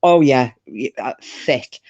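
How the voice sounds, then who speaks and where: A woman's voice: very deep voice, animated, slow pace, a little mellow, no echo, dull audio. A woman with a Northern English accent, originally from Scotland, hosting a casual chat and telling rambling stories with the odd swear word. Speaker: host.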